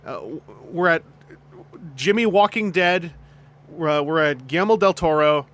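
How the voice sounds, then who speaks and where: Male streamer, casual chat, bright tone, slightly high voice, rambling jokey talk. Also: a little slow. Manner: rambling and jokey, with frequent restarts, laughter and silly put-on voices.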